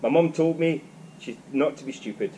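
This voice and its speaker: A man's voice: on the high side, normal speed, warm tone, a little hiss or hum. A man hosting a casual interview, cheerful and joking as he reads out questions and runs a game. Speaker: host.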